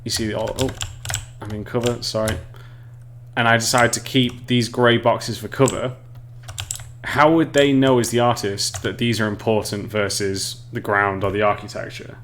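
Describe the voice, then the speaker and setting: A man's voice: on the low side, steady tone, normal speed, a bit bright, slight background noise. Chatty English man teaching on stream. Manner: chatty, reads chat aloud, frequent restarts and laughs. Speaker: streamer teaching level design. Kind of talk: casual live-stream tutorial.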